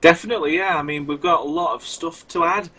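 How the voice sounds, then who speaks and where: A man's voice: high-pitched, big pitch swings, fast talker, gravelly, sharp tone, breathy edge. A man from England with a Wigan accent, a friendly developer guest who laughs easily. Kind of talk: casual chat.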